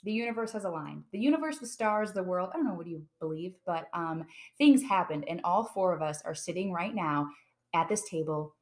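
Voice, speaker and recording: A woman hosting a podcast in casual chat around a table, bubbly and excitable, laughing often. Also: lowish voice, brisk. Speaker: podcast host.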